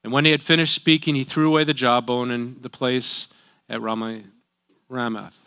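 Bright, clear-voiced man reading scripture. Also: medium pitch, level tone, normal speed. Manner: reads scripture then breaks in with folksy asides. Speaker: Bible teacher. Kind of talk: informal Bible reading with commentary.

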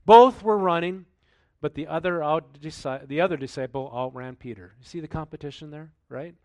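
A male pastor giving a sermon, reading scripture aloud and then commenting in a relaxed, conversational way with rhetorical questions. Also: fairly high pitch, moderate pace, no echo.

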